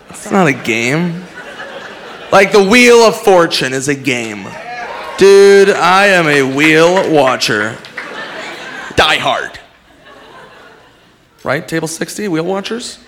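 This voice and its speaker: A man doing a stand-up set, animated and given to shouting. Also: on the high side, slow pace, pauses often, a faint crowd, a little hiss or hum. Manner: animated, yelling impressions. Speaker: stand-up comedian.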